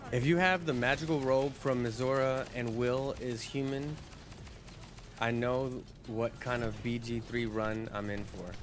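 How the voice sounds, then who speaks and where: A man's voice: medium pitch, measured pace, background noise. A man streaming a game, chatting casually and rambling to his viewers. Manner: relaxed, rambling, with restarts and fillers.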